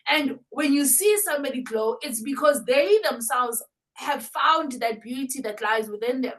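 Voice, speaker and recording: A woman's voice: high voice, moderate pace, fairly bright tone. A woman being interviewed, speaking with passion in a preacher-like way and often repeating her points. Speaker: guest. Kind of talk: interview conversation.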